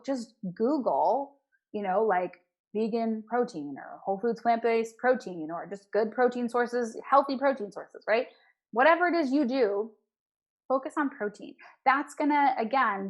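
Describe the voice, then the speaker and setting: A woman dietitian talks as a guest in a relaxed interview, her voice a touch high. She gets animated and quick when excited, with bursts of enthusiasm. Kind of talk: casual interview chat.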